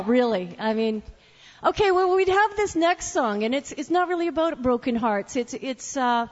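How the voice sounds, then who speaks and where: A woman's voice: sits high, big-room sound. A woman singer-songwriter hosting a live music night, chatting from the stage between songs with restarts and asides. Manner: chatty, warm-hearted stage patter with restarts. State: tearing up. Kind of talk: live singing and stage banter. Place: small live music venue. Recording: dull lo-fi live recording with guitar. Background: acoustic guitar.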